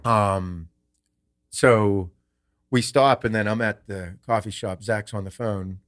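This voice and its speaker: Low-voiced podcast guy, swearing, rambling stories, chatty. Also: steady tone, slow, fairly bright tone. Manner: profane, rambling storyteller. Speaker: podcast host. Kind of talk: casual chat.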